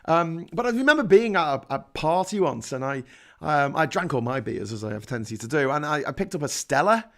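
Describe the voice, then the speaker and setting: A man's voice: on the high side, expressive, brisk, sharp tone. A man with a Liverpool accent hosting a casual livestream, rambling, joking and reading out chat comments. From Liverpool, England. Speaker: livestream host.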